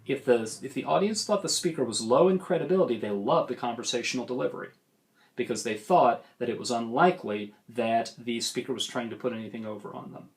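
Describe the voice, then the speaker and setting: A middle-aged man teaching public speaking in a recorded lecture, animated and demonstrative, swinging his voice up and down to show range. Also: medium pitch, a little fast. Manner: animated, demonstrates big vocal range and gestures.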